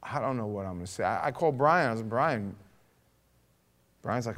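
A pastor, telling a story in a sermon, acting out the people in it and building to a forceful charge. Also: male voice, mid-range voice, lively intonation, brisk. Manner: conversational, acts out dialogue, rising to forceful exhortation.

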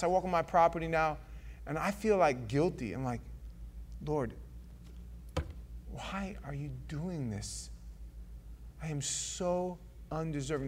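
A man preaching a sermon as pastor, earnest and pleading, dropping from loud passages to hushed ones. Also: a little high, slight background noise.

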